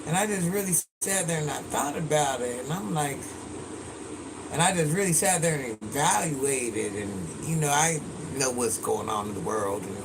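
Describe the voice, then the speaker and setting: A man's voice: fairly high pitch, expressive, normal speed. A man casually telling a story to camera, animatedly retelling and quoting what other people said. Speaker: vlogger. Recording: noisy background.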